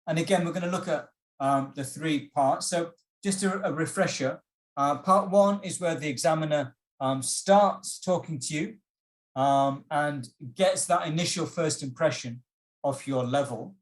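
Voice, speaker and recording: A man's voice: fairly high pitch, measured pace, reverberant. A man teaching an online workshop, encouraging, repeating his instructions with frequent ums.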